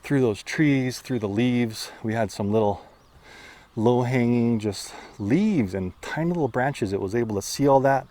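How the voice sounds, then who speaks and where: A man doing excitable, casual commentary outdoors while flying and chasing a drone, out of breath at times. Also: medium pitch, unhurried. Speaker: drone reviewer. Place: outdoors among trees.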